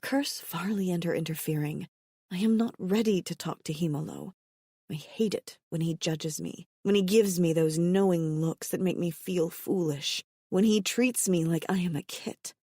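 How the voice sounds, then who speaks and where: A woman narrating a first-person romance audiobook in an intimate, measured reading. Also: fairly low pitch, dark tone, husky, no room sound, studio quality.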